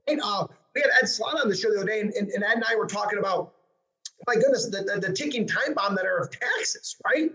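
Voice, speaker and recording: A man hosting an interview show and working as a financial advisor, talking excitably and tossing in tag questions. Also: high-pitched, quick pace, low-quality recording.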